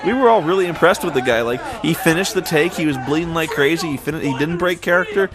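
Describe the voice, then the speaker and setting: A man's voice: a little high, quick pace. A man giving a casual, rambling film commentary, full of restarts and fillers, often laughing. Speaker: commentary host.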